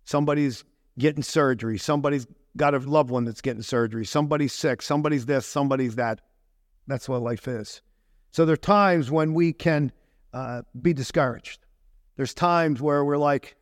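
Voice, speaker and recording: A man pastor preaching a sermon in a conversational way, tossing rhetorical questions to his listeners. His voice sits fairly high for a man, and the sound is dry and close with little room echo. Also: normal speed.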